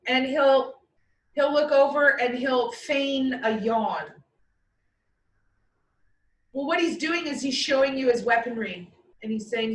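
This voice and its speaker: A woman chatting casually and explaining animal behavior, acting out the animals' thoughts in lively asides. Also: high-pitched, takes it slowly, pauses often. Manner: lively, acts out animals' inner voices. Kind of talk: casual chat. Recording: roomy echo, far from the mic, faint background noise.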